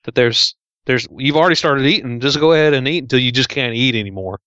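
A man's voice: mid-range voice, fast talker, a bit bright, smooth, no room sound. A man with a Southern US accent co-hosting a podcast, an easygoing storyteller with folksy phrasing. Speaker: podcast co-host. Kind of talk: casual podcast chat. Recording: dry, slightly dull mic.

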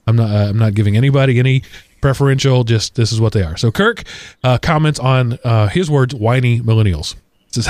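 A man's voice: mid-range voice, brisk, darkish tone, no room sound, clean studio sound. A man hosting a podcast, chatting casually and reading listener feedback aloud, rambling with frequent restarts and fillers. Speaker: podcast host.

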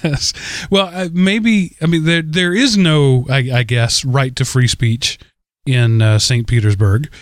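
A man's voice: medium pitch, unhurried, dry recording, studio quality. A man co-hosting a casual comedic chat show, talking in an opinionated, ranting way. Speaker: podcast co-host.

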